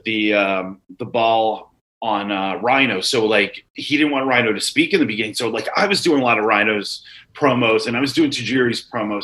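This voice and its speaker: A man's voice: mid-range voice, poor audio. A man in his forties, a former wrestler guest, telling rambling, profane stories from his career in casual chat. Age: 40s. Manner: animated, profane, rambling anecdotes. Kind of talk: casual storytelling.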